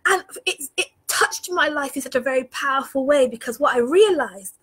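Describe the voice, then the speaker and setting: A woman leadership coach telling a personal story in an earnest, animated way. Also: sits high, moderate pace.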